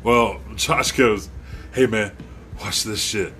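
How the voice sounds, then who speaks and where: A man's voice: on the low side, takes it slowly, soft background music. Profane man telling a wild story. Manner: profane, animated, acts out quotes. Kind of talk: casual storytelling.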